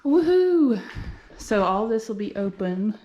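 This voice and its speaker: A woman's voice: medium pitch, measured pace, warm tone, dull audio. A woman giving a casual, upbeat walking tour of an empty commercial unit, thinking aloud as she goes. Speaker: vlogger and game lounge owner.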